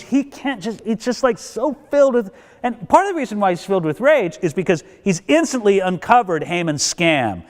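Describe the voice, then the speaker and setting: A man lecturing at a Bible college, storytelling with plenty of energy. His voice sits high and leaps up and down as he gets excited. The sound trails off in a long hall reverb. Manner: lively storyteller acting out characters, laughing.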